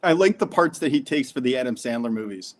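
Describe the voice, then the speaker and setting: A man's voice: medium pitch, lively intonation, quick pace. A man co-hosting a live sports betting stream, chatting casually with short, easygoing remarks. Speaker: co-host.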